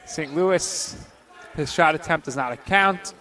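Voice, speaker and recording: Male play-by-play announcer for a basketball game; higher, bright tone, measured pace between the calls. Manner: rapid-fire calls, bursts of excitement on scores. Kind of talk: live basketball play-by-play commentary.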